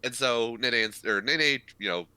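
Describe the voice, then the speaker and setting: A man's voice: medium pitch, normal speed, sharp tone, clear, resonant tone, dry recording. A man co-hosting a casual anime podcast, swearing freely and retelling scenes with energy. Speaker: podcast co-host. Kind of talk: casual chat about anime.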